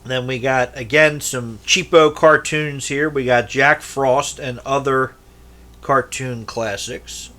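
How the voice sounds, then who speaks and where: Guy going through his vhs tapes, bright forceful voice, rambly and sweary, mid pitch. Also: steady tone, slow pace. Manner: rambling, profane and jokey. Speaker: VHS collector vlogger. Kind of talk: casual show-and-tell.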